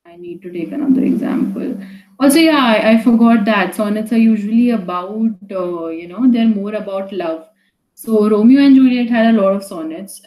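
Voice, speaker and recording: A young woman teaching an online class, talking in a halting way with many fillers and some Hindi phrases. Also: mid-range voice, warm tone, roomy sound, low-quality recording.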